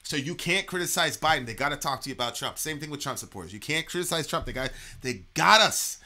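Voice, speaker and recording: A man co-hosting a podcast, holding forth in an animated, unscripted rant. His voice sits a little high and cuts through sharply, swinging widely in pitch. He swears freely and stumbles over repeated words as he pushes his point. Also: quick pace. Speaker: co-host of a reaction podcast. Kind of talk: casual political rant.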